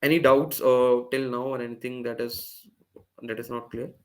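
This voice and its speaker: A man's voice: medium pitch, fairly even intonation, normal speed. Man, online workshop presenter, step-by-step explanation, many fillers and restarts, video call. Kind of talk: live screen-share tech demo.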